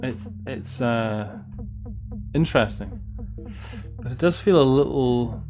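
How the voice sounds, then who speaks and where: A man's voice: medium pitch, slow, a little mellow. A man giving casual gameplay commentary, rambling and sardonic, swearing often as he plays. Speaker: let's play host. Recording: game music clear behind voice.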